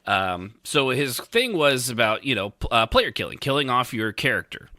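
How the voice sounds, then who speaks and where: A man's voice: medium pitch, sing-song, normal speed, bright, forceful tone, no room sound, clean studio sound. A man co-hosting a podcast in casual chat, joking and sarcastic, laughing often. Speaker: podcast co-host.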